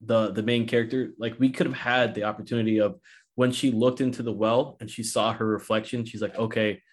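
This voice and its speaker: A man giving earnest, measured opinions in a casual film chat. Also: on the low side, level tone.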